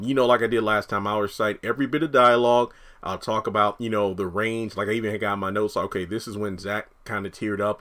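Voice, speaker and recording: Guy with a kinda sore throat chatting through a tv recap, lowish voice. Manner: chatty, animated commentary. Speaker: YouTube TV recap host. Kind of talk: casual commentary.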